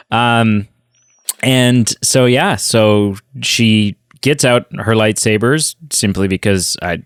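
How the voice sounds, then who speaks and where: A man's voice: lowish voice, slow pace, smooth, no room sound. A man hosting a podcast, chatting casually in a review and retelling scenes with many fillers. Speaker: podcast host. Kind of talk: casual film review chat.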